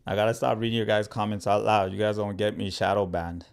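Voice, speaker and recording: A man's voice: fairly low pitch, little pitch movement, fast talker, gravelly, clear, resonant tone. A man hosting a casual livestream as a crypto educator, talking loosely to his viewers with lots of "like" and "right?". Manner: loose and chatty, full of "like" and "right?"; talks straight to viewers, reads comments aloud. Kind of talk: casual livestream talk to chat.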